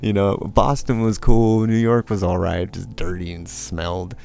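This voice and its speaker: A man's voice: fairly low pitch, flat delivery, moderate pace, vocal fry, darkish tone, slight background noise. A man from California casually telling a rambling, profane personal story, full of fillers and acted-out quotes. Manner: acts out quotes in a raised, mocking voice.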